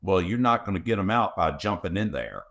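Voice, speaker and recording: A man's voice: sits low, very animated, fairly quick, fairly bright tone. A father chatting on a podcast, telling family anecdotes and acting out what he and his kids say. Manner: anecdotal, acts out his family's voices in quotes. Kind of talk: casual podcast conversation.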